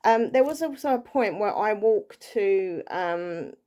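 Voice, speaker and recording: A woman's voice: medium pitch, unhurried. Chatty woman vlogger. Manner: chatty and rambling, with many fillers and restarts; earnest and excitable. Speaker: paranormal vlogger. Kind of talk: casual vlog recap.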